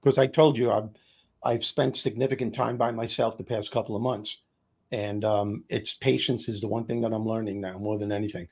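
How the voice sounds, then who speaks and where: A man's voice: lowish voice, flat delivery, brisk, darkish tone. A middle-aged man, a guest comedian telling stories in a casual chat with punchy comic delivery.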